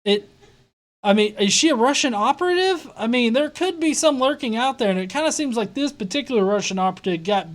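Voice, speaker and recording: A woman's voice: fairly high pitch, animated, brisk. A woman hosting a live reaction show, commenting in a sarcastic, incredulous way with swearing. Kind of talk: mocking live-stream commentary.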